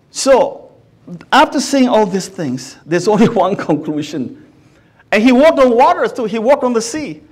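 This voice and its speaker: Male pastor, high voice, earnest sermon with frequent restarts. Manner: earnest, asks the listeners many questions; often restarts words mid-sentence.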